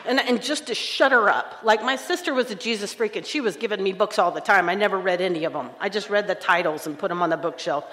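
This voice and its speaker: A woman's voice: medium pitch, fast, few pauses, fairly bright tone, slight background noise. Woman telling a funny recovery story in a hall. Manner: candid, self-mocking humor. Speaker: AA conference speaker. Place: conference hall. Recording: live talk in a reverberant hall.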